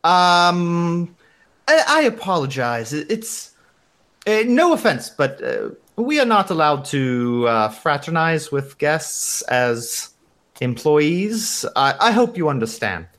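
A man's voice: a little high, very animated, takes it slowly, fairly bright tone, heavily acted. A man voicing a polite young female hotel receptionist in a mock German accent, formal and apologetic. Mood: prim.

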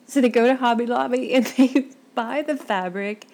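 Woman, interview guest, lively storyteller, quotes people in their voices, gravelly voice. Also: on the high side, normal speed. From south Louisiana.

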